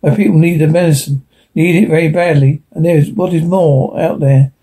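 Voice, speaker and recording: A man's voice: a little high, fairly even intonation, normal speed, mellow, breathy edge. A man reading the part of a blunt, hard-driving male planter on a frontier world, speaking in a stern, commanding way.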